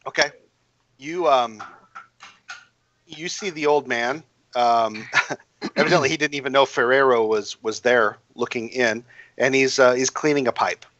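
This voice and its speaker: A man narrating a tabletop game as game master, halting and full of fillers and restarts. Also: medium pitch, fairly bright tone, dull audio, slight background noise.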